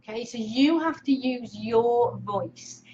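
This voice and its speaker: A woman hosting a live online stream, coaching viewers on speaking, excitable and energetic, greeting viewers by name. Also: a little high, slow, muffled recording, noisy background. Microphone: webcam clipped on monitor.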